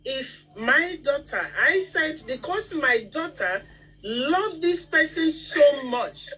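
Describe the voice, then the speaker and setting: Husky, heartfelt woman hosting a video call. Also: high voice, fairly bright tone. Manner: halting and heartfelt. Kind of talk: emotional testimony on a video call. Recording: distant mic.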